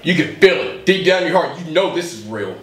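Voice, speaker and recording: A man's voice: fairly high pitch, expressive, brisk, far from the mic. A man, a pro wrestler, giving an intense promo interview that grows heated. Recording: roomy echo, voice off-mic.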